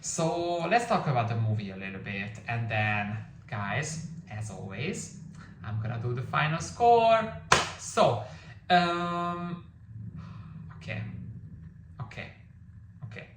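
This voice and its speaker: A man's voice: mid-range voice, sing-song, slow, pauses often, distant mic, noisy background. A man giving a casual movie review, rambling with lots of fillers and restarts; his first language is Hungarian. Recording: echoey room, somewhat off-mic.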